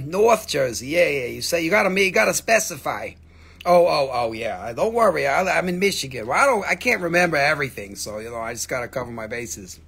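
Man, live-sale host: husky, gravelly, a bit higher than most, loose joking banter, keeps clearing his throat. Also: big pitch swings, brisk, a bit bright. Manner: joking, rambling, teasing viewers. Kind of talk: casual livestream sales chat. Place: shop studio, indoors.

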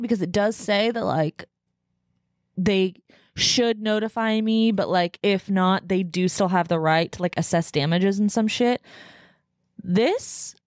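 Fired-up woman ranting, lively swoops. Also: mid-range voice, no room sound, studio quality. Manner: profane, fired-up venting. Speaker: podcast host. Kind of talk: casual solo rant. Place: home podcast room.

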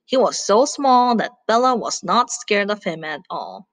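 A woman reading a children's story aloud in an animated way, pausing to ask her listeners questions. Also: mid-range voice, dry recording.

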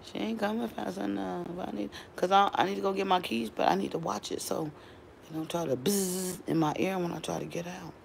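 A middle-aged woman talking casually to her live stream viewers from her home doorway on a phone, chatty and animated. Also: on the low side, brisk, vocal fry, a little hiss or hum.

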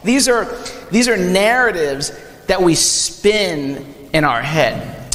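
A young man preaching a sermon, animated, acting out quick quoted asides in a church sanctuary. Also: high-pitched. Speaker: pastor. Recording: long hall reverb.

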